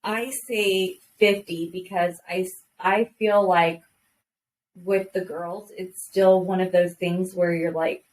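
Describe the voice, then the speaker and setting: A woman co-hosting a casual podcast, chatting and backing up her friend with quick, emphatic replies. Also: on the low side, fairly even intonation, recorded from a distance, low-quality recording. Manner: quick, emphatic agreement and reassurance. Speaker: podcast co-host. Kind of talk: casual chat.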